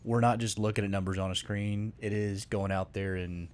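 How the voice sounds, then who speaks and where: Low-pitched man, earnest conversational co-host, filler-heavy delivery. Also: fairly even intonation, normal speed, darkish tone, a little hiss or hum. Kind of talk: casual conversation.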